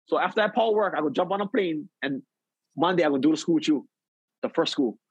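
A man with a Hawaiian Pidgin English accent telling his recovery story as a podcast guest, lively and animated. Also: a little high, quick pace, slightly rough, no room sound, highs cut off. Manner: lively, acts out quotes, says "bro" often.

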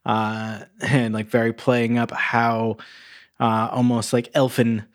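A man co-hosting a casual movie review chat, adding relaxed, joking asides. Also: mid-range voice, slow pace. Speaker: podcast co-host.

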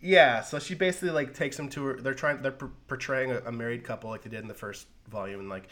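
Male podcast host, mid-pitched, loose and profane, rambly fan energy. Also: fast talker. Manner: rambling, profane, heavy use of "like"; excited retelling of a comic plot. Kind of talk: casual podcast chat.

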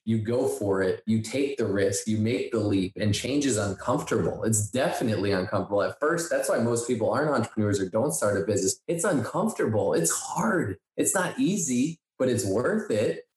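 A man co-hosting a podcast, telling a story in a casual, animated way and acting out the dialogue he quotes. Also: fairly low pitch. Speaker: podcast co-host. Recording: echoey room.

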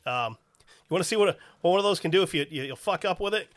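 A man's voice: high-pitched, animated, quick pace, fairly bright tone. Profane rambling podcast host, man. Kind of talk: casual chat.

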